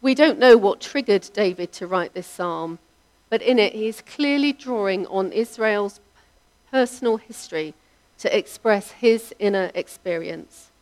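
A woman preaching a sermon, in a measured, reflective delivery whose line ends trail off softly. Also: medium pitch.

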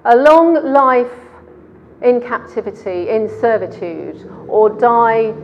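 A woman's voice: a little high, expressive, slow, lo-fi sound, noisy background. A woman preaching a sermon in church, talking conversationally and quizzing her congregation.

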